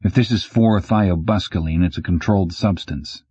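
Casting: laconic ex-cop, read by a man, very deep, husky voice, dull lo-fi recording. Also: normal speed, mellow, dry recording. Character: laid-back ex-cop man.

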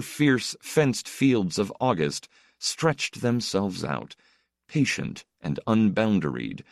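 A man narrating a story in a measured, expressive way. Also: sits low, gravelly, no echo, clean studio sound. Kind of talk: scripted narration.

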